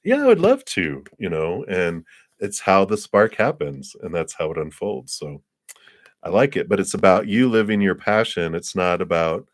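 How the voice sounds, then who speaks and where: Speaking at an ordinary pace in a deep voice, a man does a live tarot card reading in a relaxed, talkative way. He laughs a lot and performs small scenes using quoted voices, captured in a dry, studio-quality recording.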